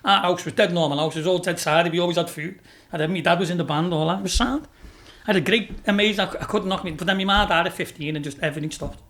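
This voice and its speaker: Man, 50s, Liverpool accent, slightly high-pitched, sweary rambling storyteller, casual chat. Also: very fast, hardly any pauses, a bit bright. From Liverpool, England. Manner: rambling, swearing storyteller who laughs often. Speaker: guest, racehorse owner.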